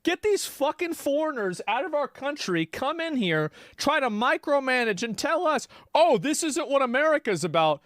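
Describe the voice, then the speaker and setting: A woman's voice: high voice, very animated, normal speed, hardly any pauses, dry recording, studio quality. A woman ranting crudely and heatedly in a clip.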